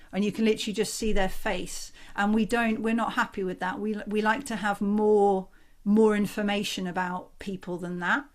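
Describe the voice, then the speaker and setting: A woman from the north of England with a Northern English accent, a communication coach giving an expressive, conversational workshop talk over a video call. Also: mid-range voice. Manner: expressive, conversational, acts out examples.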